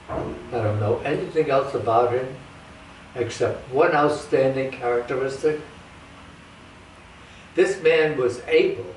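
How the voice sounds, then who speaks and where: An older man, a navy veteran, telling stories in a casual, halting way with small restarts. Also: a little high. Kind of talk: casual storytelling. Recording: echoey room, distant mic, faint hiss.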